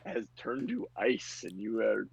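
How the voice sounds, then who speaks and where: A man narrating a tabletop game as game master, relaxed and chatty. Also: fairly low pitch, measured pace, gravelly, breathy edge. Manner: relaxed, chatty, laughs easily. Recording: lo-fi muffled audio.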